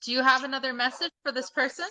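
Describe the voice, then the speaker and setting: A woman with a high voice hosts a live-streamed seance, speaking at a quick pace. In a hushed way, she listens to a spirit box and puzzles over faint messages.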